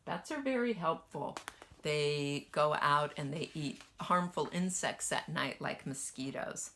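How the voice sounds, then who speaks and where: A woman kindergarten teacher gently reading a picture book aloud to children and asking them questions as she goes. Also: low voice, a little hiss or hum. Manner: slow, lively sing-song storytelling.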